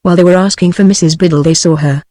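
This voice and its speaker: A woman's voice: fairly low pitch, racing, no room sound. Synthetic British woman reading a story. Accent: British English. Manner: even synthetic reading with little character change. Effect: text-to-speech voice. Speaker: audiobook narrator. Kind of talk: scripted narration.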